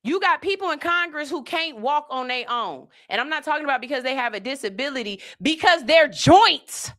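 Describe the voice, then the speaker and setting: A woman's voice: high-pitched, expressive, a little fast, pushed and bright. A woman hosting a podcast, delivering blunt, profane, emphatic commentary in a casual style. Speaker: podcast host.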